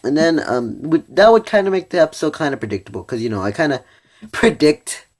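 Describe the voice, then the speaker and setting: A man's voice: fairly high pitch, very animated, brisk. Rambling teenage boy reviewing. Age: teens. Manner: rambling, full of "you know" and "like", often restarting sentences. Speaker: vlogger reviewing a cartoon episode. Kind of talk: casual video review.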